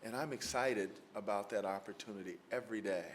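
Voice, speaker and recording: Folksy lawyer with a low voice. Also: male voice, brisk, slight background noise. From Mississippi. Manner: folksy, anecdotal, frequent fillers. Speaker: lecturer, environmental lawyer. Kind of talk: storytelling lecture answer. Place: lecture hall with audience.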